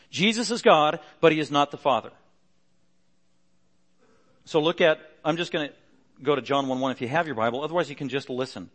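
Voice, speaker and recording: A middle-aged male pastor preaching a sermon earnestly, pressing harder and louder on key points. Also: a little high.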